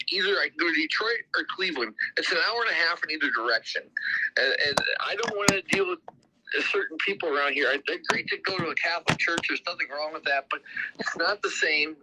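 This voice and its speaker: A man's voice: on the high side, animated, a little fast, background noise. A man hosting a casual crypto livestream, talking in a rambling way and often repeating his words. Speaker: crypto community host.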